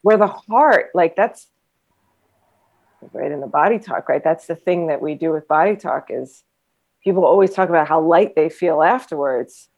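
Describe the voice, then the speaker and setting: A woman's voice: sits low, expressive, moderate pace, a little mellow, highs cut off. A woman in casual conversation, a former trauma nurse and body therapist who talks reflectively, rambling with many fillers.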